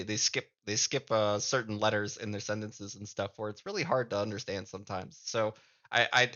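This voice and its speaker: A man with a Midwestern accent rambles casually to his stream audience, often stalling and repeating words mid-thought. His voice sits somewhat low, with a bright, forceful edge. The sound is muffled and lo-fi. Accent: Midwestern American. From American Midwest. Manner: halting, repeats words while thinking aloud. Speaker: live streamer and comic creator. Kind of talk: casual live-stream chat.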